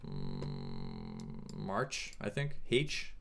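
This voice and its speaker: Low-voiced man chatting on a trading stream. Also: slight background noise. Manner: thinks aloud, halting, reads chat questions. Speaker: trading livestream host. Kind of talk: casual livestream chat about markets.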